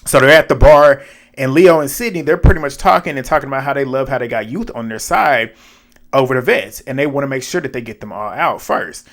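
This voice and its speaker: A man's voice: mid-range voice, brisk. A man giving a casual, slangy recap of a reality show, retelling scenes in an amused way.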